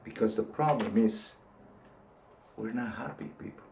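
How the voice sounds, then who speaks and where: A man's voice: lowish voice, a little slow, creaky, darkish tone, slight background noise. An older man giving an earnest, pleading monologue that rises into emphatic outbursts. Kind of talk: impassioned monologue to camera.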